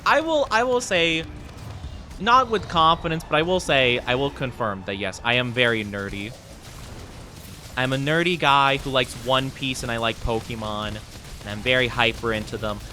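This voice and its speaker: Man, gaming streamer, casual chat with viewers, self-deprecating, lively swinging pitch, bright tone. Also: moderate pace, a little hiss or hum.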